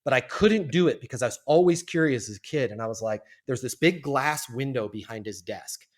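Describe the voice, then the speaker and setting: A man telling a story as a podcast guest, in a lively, animated way and acting out what people said. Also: mid-range voice, brisk. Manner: animated, lively storyteller who acts out quotes. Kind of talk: storytelling in a casual interview.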